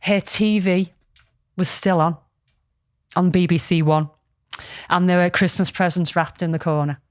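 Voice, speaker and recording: A woman's voice: fairly low pitch, fairly even intonation, measured pace, no echo, studio quality. A woman, casually telling a story on a podcast, rambling with lots of ums and restarts. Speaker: podcast co-host.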